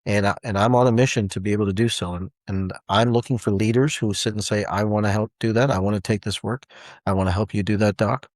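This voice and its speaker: A man in his forties giving a rambling, animated motivational talk as a self-help speaker, with many restarts. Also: lowish voice, fast, dry recording, studio quality. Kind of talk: motivational monologue.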